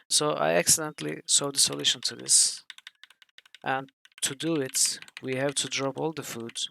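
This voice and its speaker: A man's voice: medium pitch, steady tone, moderate pace, vocal fry, sharp tone, dry recording. A man streaming a role-playing game, thinking aloud and reading the story text as he plays.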